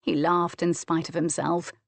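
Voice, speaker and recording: A woman narrating a historical romance audiobook in an even, measured way. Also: lowish voice, creaky, dry recording. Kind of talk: scripted narration.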